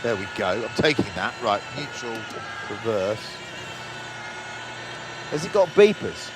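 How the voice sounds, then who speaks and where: A man's voice: fairly low pitch, very animated, unhurried. A man giving a chatty, self-mocking running commentary while driving, as a car reviewer host. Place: inside a car and on a town street. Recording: loud car and traffic noise behind.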